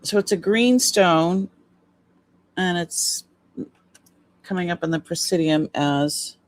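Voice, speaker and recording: A woman's voice: on the low side, takes it slowly. A sleepy woman chatting casually on a live stream as she shows off jewelry, rambling and trailing off with fillers. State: sleepy, yawning.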